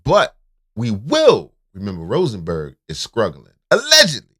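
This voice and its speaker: Animated man reacting loudly. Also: normal speed, breathy edge. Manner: animated, jumps high and loud when making a point. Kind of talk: casual reaction chat.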